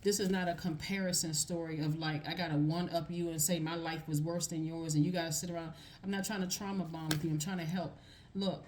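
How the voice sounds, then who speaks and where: A woman's voice: fairly low pitch, darkish tone, a little hiss or hum. A woman giving a casual tarot reading to her viewers, emphatic and repeating phrases for stress. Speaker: tarot reader.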